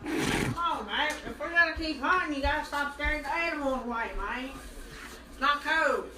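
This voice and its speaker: A high, bright-voiced woman trading jokes and sliding between put-on accents, tossing "man" onto her lines. She sits a little back from the mic in an echoey room with a faint hiss behind her. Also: moderate pace, far from the mic. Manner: playful, slips into mock accents and slangy "man". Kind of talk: joking banter while filming.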